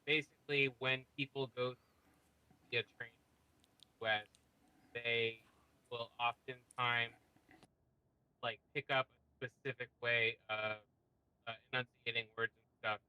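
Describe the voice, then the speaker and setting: A man from Oregon chatting with gaming friends over voice call, explaining things in a halting, rambling way with many fillers. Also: mid-range voice, fairly even intonation, bright, forceful tone, smooth, dry recording, rough recording. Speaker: player in a gaming group.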